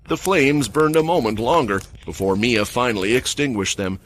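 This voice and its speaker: A man's voice: medium pitch, normal speed, hardly any pauses, slight background noise. A man giving scripted story narration for a fantasy comic recap.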